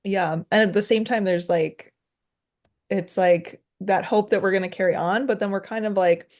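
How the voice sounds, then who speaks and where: A woman's voice: medium pitch, fairly even intonation, normal speed. A woman hosting a casual podcast conversation, easygoing, with many fillers and sentences that trail off. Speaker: podcast host.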